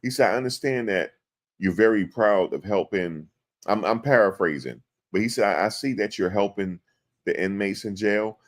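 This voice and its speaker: A man's voice: lowish voice, moderate pace. A man giving casual commentary on a court case to his viewers, talking in loose slang and acting out quotes. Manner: animated, slangy, acts out quotes in exaggerated voices. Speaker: commentary host. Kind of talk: casual live-stream commentary.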